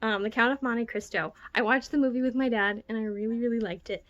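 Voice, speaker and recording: A woman's voice: fairly high pitch, fairly even intonation, quick pace, lo-fi sound. A young woman chatting casually in a home book vlog, self-mocking and giggly, recorded on a phone in her bedroom. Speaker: book vlogger. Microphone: phone camera.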